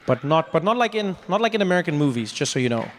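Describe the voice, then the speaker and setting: A man's voice: on the high side, very animated, quick pace, some chatter behind, a little hiss or hum. A South African man performing stand-up comedy, telling playful stories and often laughing mid-line.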